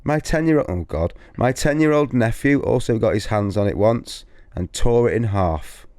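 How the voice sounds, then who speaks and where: A man's voice: mid-range voice, lively intonation, normal speed, a little mellow, no room sound. A man co-hosting a podcast, reading listener stories aloud in a giggly, casual way. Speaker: podcast co-host.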